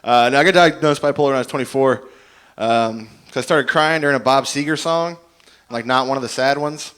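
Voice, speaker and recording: Male comic with deadpan self-mockery, mid-pitched voice, stage mic in a comedy club. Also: a little fast, smooth. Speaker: stand-up comedian. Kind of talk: stand-up comedy set.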